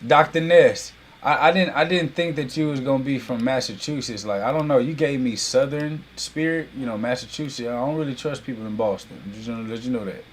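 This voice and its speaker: A man hosting a live online business class, greeting viewers, teasing them playfully and hyping them up in a casual, animated way. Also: mid-range voice, a little fast. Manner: playful teasing banter with chat; animated hype, heavy use of y'all. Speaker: host and business coach. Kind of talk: casual livestream class intro.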